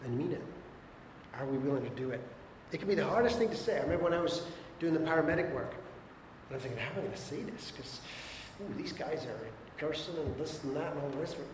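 A man's voice: on the high side, darkish tone, a little hiss or hum. A man preaching a sermon as a pastor, emphatic and exhorting, with repeated short urgings. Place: church hall. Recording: echoey church hall with long reverb.

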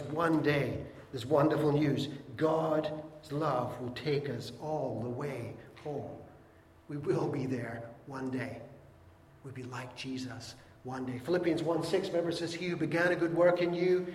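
A man preaches to his congregation with earnest warmth, sometimes dropping to a hush on key phrases and sometimes slipping in a light joke. His voice sits a little high for a man. The sound rings around a large, echoing church hall. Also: normal speed. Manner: earnest preaching, dropping soft on key words, jokey asides. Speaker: pastor. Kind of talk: sermon.

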